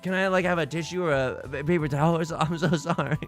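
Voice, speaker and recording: A young man casually chatting and commenting while streaming online mahjong, excitable and self-mocking, laughing often and jumping from loud outbursts to mumbled asides. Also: high-pitched, fairly quick, vocal fry, faint music behind. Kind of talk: casual livestream chat and commentary.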